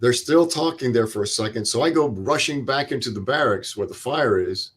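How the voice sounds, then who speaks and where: An older veteran speaks in an interview at an ordinary middle pitch. He tells his story in a plain, unhurried way, acting out what others said and stopping now and then to recall details. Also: lively intonation, slightly rough. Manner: plain vivid retelling with quoted dialogue and pauses. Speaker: veteran guest.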